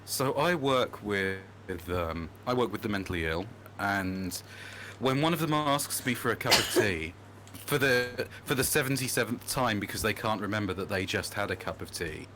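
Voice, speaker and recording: A British man chatting casually during a game stream, telling animated stories and breaking into accent impressions. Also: on the low side, moderate pace, background noise. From Britain. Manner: animated storyteller who slips into accent impressions. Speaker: podcast co-host.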